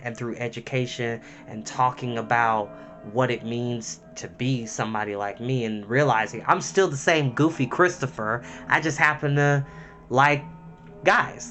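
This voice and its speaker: A man's voice: medium pitch, a bit bright. A young man talking to camera as a storytime host, emotional and heartfelt, chatty and full of fillers. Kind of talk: personal talk to camera.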